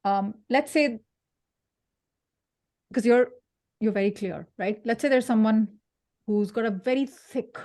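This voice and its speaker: A woman giving an animated career-coaching talk to an audience, acting out quoted voices and laughing along the way. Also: a little high, measured pace, long pauses.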